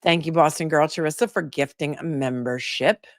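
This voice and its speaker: A woman's voice: low-pitched, moderate pace, no room sound. Chatty woman livestream host, dry sound. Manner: chatty, reads comments aloud and answers them. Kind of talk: casual livestream chat reading viewer comments.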